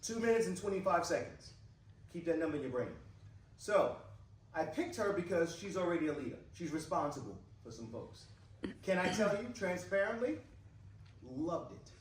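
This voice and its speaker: Man, workshop facilitator, encouraging coach, high voice, distant mic, roomy echo, faint room ambience. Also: sing-song, normal speed, a little hiss or hum. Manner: coaching, encouraging, repeats phrases. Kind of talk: leading a live team-building exercise. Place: large indoor workshop room. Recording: echoey room mic from far off.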